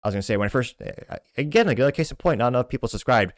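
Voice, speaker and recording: A man's voice: mid-range voice, expressive, rapid-fire, no echo, studio quality. A man hosting a podcast, casually reading social media comments aloud in a stumbling, self-deprecating way with frequent restarts. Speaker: podcast host.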